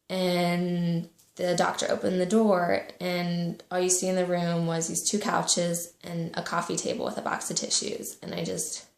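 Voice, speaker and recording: Young woman telling her story, soft and halting, low gravelly voice, echoey room. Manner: emotional, halting, soft-spoken. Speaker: vlogger. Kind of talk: personal storytelling.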